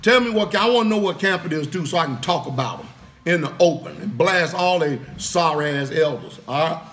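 A man's voice: on the high side, brisk, fairly bright tone, slight background noise. A man preaching in a heated, blunt way, firing off rhetorical questions and cursing freely. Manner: curses freely. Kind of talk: fiery preaching.

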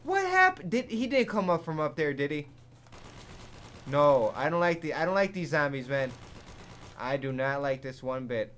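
A man giving live commentary over a zombie game, excitable and jumpy, swearing often and laughing at his own jokes. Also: a little high, moderate pace, long pauses, slight background noise. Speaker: gaming commentator.

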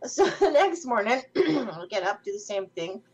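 A woman's voice: mid-range voice, big pitch swings, unhurried, breathy edge. A woman from Minnesota telling a funny story in casual chat, laughing often as she talks. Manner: giggly, laughs through her stories. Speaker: podcast co-host.

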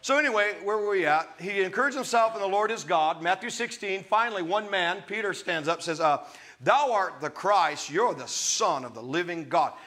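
A man's voice: sits high, expressive, moderate pace, bright, forceful tone. A man preaching a sermon, reading scripture aloud and breaking off into emphatic, conversational asides to his listeners.

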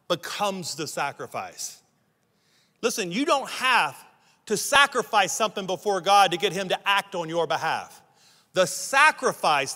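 A man's voice: high voice, bright, forceful tone. A man preaching a sermon as pastor, emphatic, often repeating words as he starts a sentence. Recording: long reverb of a big church hall.

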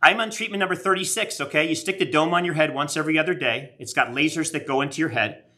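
Middle-aged male streamer, bright tone, chatty and self-deprecating, a bit winded. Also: fairly high pitch, quick pace. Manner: rambling, self-mocking, chatty with viewers. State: out of breath. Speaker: card collector streaming live. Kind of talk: casual live-stream chat.

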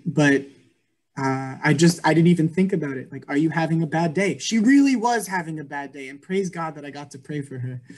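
A man's voice: fairly high pitch, a little mellow. A man in his twenties giving an earnest Christian testimony over a video call, with many ums and likes. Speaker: guest speaker.

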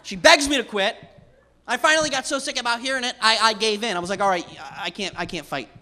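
A young man doing a stand-up comedy routine on a theater stage, loose and conversational, building to shouts. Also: high voice, fast talker. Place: theater stage before a live audience.

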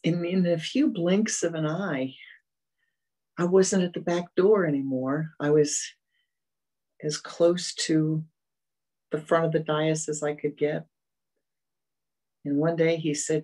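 Unhurried, breathy-voiced teacher for a gentle, repetitive meditation talk. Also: mid-range voice, steady tone, rough recording. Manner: slow, gentle and repetitive, fading to soft murmurs. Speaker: spiritual teacher.

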